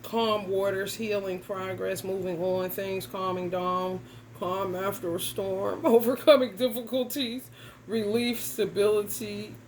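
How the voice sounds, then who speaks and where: A woman's voice: mid-range voice, level tone, measured pace, a little mellow, slight background noise. A woman giving a casual tarot reading, ranting bluntly and profanely straight at the viewer. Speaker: tarot reader.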